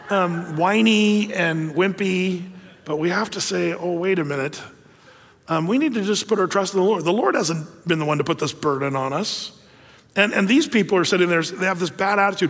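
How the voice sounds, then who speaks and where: A man's voice: high voice, moderate pace, a bit bright. Preaching man in a reverberant hall. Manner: conversational preaching with many fillers and restarts. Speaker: pastor. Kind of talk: sermon.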